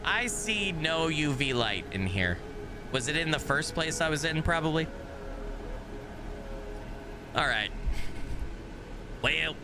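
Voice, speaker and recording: A man streaming a horror game live, chatting with his viewers and swearing often, sometimes yelling in a high mock panic. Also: animated, a little slow, long pauses, noisy background. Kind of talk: live gameplay commentary.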